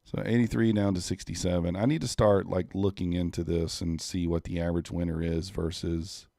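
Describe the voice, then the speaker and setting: Laid-back low-voiced man streaming trades. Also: flat delivery, fairly quick, vocal fry, dark tone, dry recording, clean studio sound. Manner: laid-back, talks to chat viewers. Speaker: livestream day trader. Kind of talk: casual live-stream commentary.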